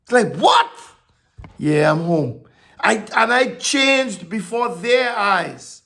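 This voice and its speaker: A man preaching a sermon, halting and repeating words, swinging from soft reflection to emphatic declarations. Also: high voice, expressive, gravelly.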